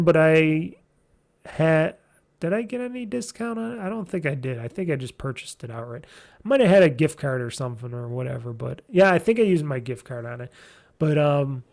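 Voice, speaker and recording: A man's voice: high-pitched, darkish tone. A man hosting a gaming podcast, reviewing games in a loose, chatty way with lots of fillers and restarts. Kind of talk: casual rambling game review.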